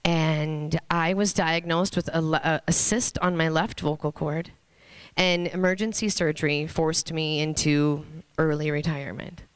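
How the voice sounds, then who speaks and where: A woman in her thirties giving an earnest, storytelling motivational talk on stage, pausing for emphasis. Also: low voice, fairly even intonation, clear, resonant tone, no room sound. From Minnesota, USA. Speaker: motivational speaker. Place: stage before an audience.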